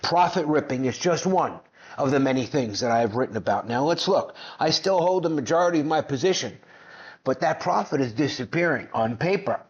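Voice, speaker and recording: A man with a slightly raised pitch delivers combative, mocking finance commentary. He boasts and jeers between clips. The sound is dull and lo-fi. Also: expressive, a little fast.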